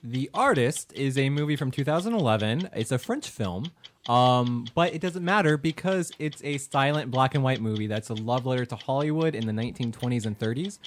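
A man's voice: medium pitch, lively intonation, brisk. A man co-hosting a casual movie podcast, laughing easily and rambling through a plot summary. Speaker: podcast co-host.

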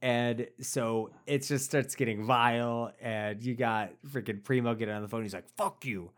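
A man casually discussing a comedy film, excitable, swearing and acting out quotes loudly. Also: medium pitch, moderate pace.

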